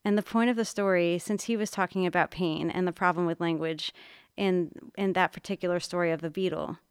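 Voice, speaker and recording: Middle-aged woman, teacher-mom storyteller, smooth voice, dry close mic. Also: on the low side, fairly quick, no room sound. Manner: animated storyteller, acts out quotes. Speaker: art teacher and mother. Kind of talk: casual storytelling chat.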